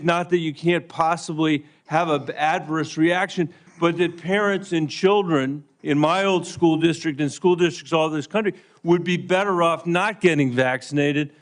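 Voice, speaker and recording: Senator guy pushing hard with yes or no questions, slightly higher voice. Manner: pointed, insistent yes-or-no questioning. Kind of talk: hearing questioning.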